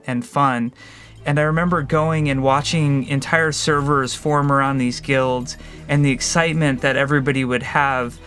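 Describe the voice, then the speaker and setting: A man reflects in an interview with a thoughtful, slightly hesitant delivery. His voice has an ordinary middle pitch. Faint music sits underneath. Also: a bit bright. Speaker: game developer.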